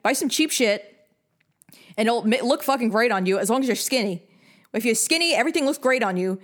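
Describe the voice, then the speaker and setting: This young New York woman delivers blunt, bossy advice in a casual rant heavy with swearing, lecturing as she goes. Her voice is on the high side, animated and brisk.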